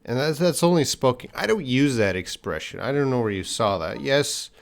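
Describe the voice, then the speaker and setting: A man answering viewers' English questions in a live-stream lesson. He explains patiently, with pauses and restarts. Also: medium pitch, lively intonation, gravelly. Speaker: English teacher.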